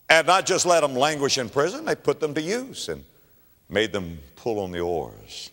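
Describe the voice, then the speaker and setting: A man's voice: medium pitch, very animated, normal speed, a bit bright. A male preacher giving a sermon, telling stories emphatically and repeating key phrases. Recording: long reverb of a large hall.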